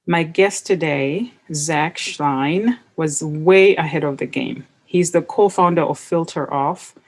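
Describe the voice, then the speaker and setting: A woman's voice: low voice, slow. Chatty woman podcast host telling stories. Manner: chatty, anecdotal, with frequent fillers. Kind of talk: casual storytelling monologue.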